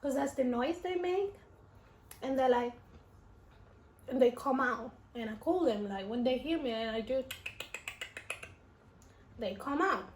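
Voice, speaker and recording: With a high, lively voice, this young woman vlogger talks a little slowly and pauses often. Eating at home, she tells a personal story in a rambling, emotional style packed with fillers and restarts, and the roomy room carries faint noise.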